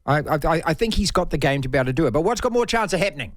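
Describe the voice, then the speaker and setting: A man hosting sports radio, teasing and quizzing his co-host in lively banter. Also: fairly high pitch, rapid-fire, no echo, studio quality.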